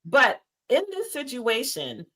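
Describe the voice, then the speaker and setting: A woman panelist giving her opinion in a measured, storytelling way. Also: fairly high pitch, huge pitch swings, fairly bright tone. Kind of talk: casual panel talk.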